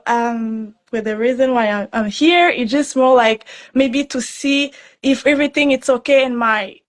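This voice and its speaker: A woman from Quebec with a Québécois French accent, speaking English as a second language as a caller on a live stream, hesitant and searching for words with frequent laughs. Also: sits high. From Quebec, Canada. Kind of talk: casual conversation.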